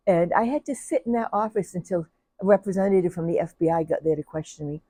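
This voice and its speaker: Chatty older woman, low mellow voice. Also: quick pace, no room sound. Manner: chatty, laughs often, acts out the people in her stories. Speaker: retired telephone operator telling stories. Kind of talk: casual personal storytelling.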